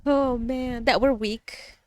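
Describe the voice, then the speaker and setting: A woman's voice: a little high, fairly even intonation, slow pace, no room sound. A woman guest on a podcast, a chatty storyteller who laughs often and slips into Spanish phrases. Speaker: guest artist and business owner. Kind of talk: casual podcast interview.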